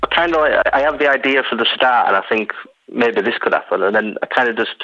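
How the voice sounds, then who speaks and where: A man's voice: mid-range voice, fast, pushed and bright, dry recording, muffled recording. A man, a writer guest in a casual interview, rambling and restarting as he tells stories. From England. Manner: rambling, self-interrupting storyteller.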